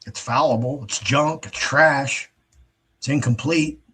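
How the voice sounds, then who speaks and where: Husky, blunt, swearing man. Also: mid-range voice, unhurried, bright, forceful tone. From United States. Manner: blunt, profane, rambling. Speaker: host. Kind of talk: casual monologue.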